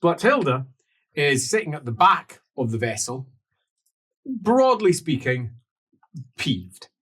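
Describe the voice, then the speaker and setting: A man narrates a tabletop game as game master. He talks slowly, and his pitch rises and falls a lot. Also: husky. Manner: unhurried, animated narration.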